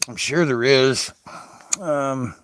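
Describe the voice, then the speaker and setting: A man's voice: mid-range voice, takes it slowly, a bit bright, clean tone, dry recording, studio quality. Rambling, swearing man. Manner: rambling, swearing, hopping between foreign greetings. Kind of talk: casual rambling monologue to camera.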